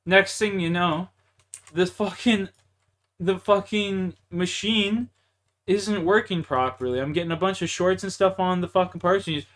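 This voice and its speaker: Fired-up young Canadian streamer ranting. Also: male voice, high voice, moderate pace, fairly bright tone. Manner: profane, heated, frustrated ranting. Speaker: livestreamer. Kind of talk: ranting to livestream chat while gaming.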